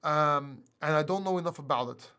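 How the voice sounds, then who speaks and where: Man, from Greece, fairly high voice, live-stream host, casual chat, animated, laughs a lot. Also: fairly quick, clean tone. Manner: animated and self-mocking, laughs often, bursts into loud acted outbursts.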